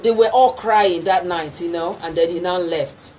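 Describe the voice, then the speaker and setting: Interviewed in a radio studio, a middle-aged Nigerian woman and gospel singer narrates her testimony with energy, acting out others' voices and laughing. Her voice is on the low side and darkish, at a moderate pace. The low-quality recording has faint background noise.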